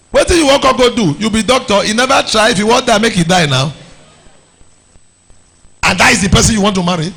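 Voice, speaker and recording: A man with a Nigerian accent preaching to a youth meeting, animated, slipping into pidgin and shouting or sing-song lines. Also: sits high, moderate pace, vocal fry, pauses often, slightly rough.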